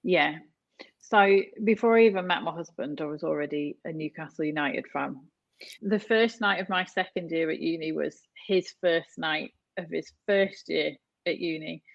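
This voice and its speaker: A woman's voice: low voice, moderate pace, gravelly, no room sound, lo-fi sound. A woman in her thirties from North West England, a podcast guest chatting casually and laughing often as she retells stories. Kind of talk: casual chat.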